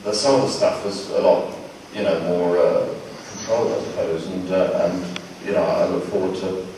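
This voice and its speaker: A man's voice: low voice, fairly even intonation, moderate pace. A man from England answering fan questions on stage at a convention, rambling and wry, with many restarts. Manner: rambling, full of restarts, wry and self-mocking. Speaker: guest actor at a fan convention Q&A. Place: large convention hall. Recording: very echoey hall, distant and noisy.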